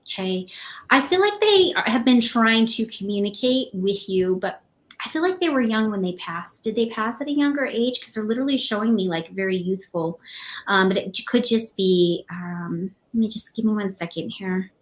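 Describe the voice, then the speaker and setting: Woman psychic, hesitant and emotional, mid-pitched, halting live reading. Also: lively intonation. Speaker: psychic reader.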